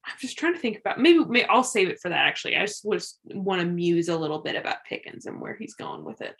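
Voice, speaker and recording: A young woman co-hosting a casual chat about a TV show, musing out loud with lots of fillers and frequent laughs. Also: fairly low pitch, quick pace, gravelly. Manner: animated, musing, laughs often. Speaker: podcast co-host.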